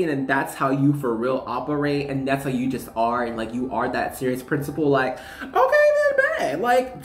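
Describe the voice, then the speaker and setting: A woman's voice: a bass voice, reverberant. Chatty young woman reading tarot. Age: 20s. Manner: chatty, laughing, slangy. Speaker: tarot reader. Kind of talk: casual tarot reading chat.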